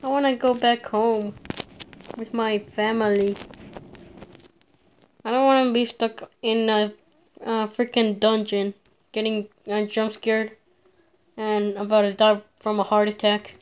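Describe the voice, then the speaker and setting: A woman's voice: medium pitch, flat delivery, unhurried, pauses often, slight background noise. A frightened woman commenting on a horror game as she plays, jittery and laughing nervously. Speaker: gamer.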